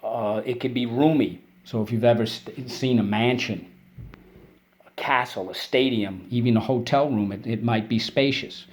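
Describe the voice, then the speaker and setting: Speaking at a medium pitch, a male teacher runs a vocabulary and spelling lesson for kids. He explains words with patience, then drills them through call-and-response, tossing in quick praise.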